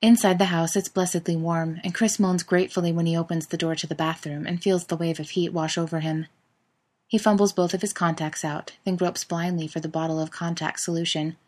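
A woman narrating fiction in a steady, expressive reading voice. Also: on the low side.

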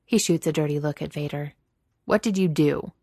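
A woman's voice: low voice, moderate pace, darkish tone, no echo, studio quality. A woman reading aloud, voicing an earnest young male hero, urgent and defensive.

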